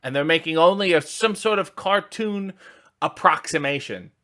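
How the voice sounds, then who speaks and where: A man hosting a comedic trailer reaction, talking in a sarcastic, mocking way with deadpan asides. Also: on the high side, normal speed. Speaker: host reacting to a movie trailer.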